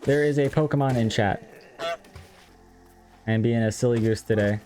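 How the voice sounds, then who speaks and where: A young man from Texas, streaming live, chats casually with his viewers while gaming, often at his own expense. His medium-pitched voice is warm and moderately paced, and faint game music sits in the background.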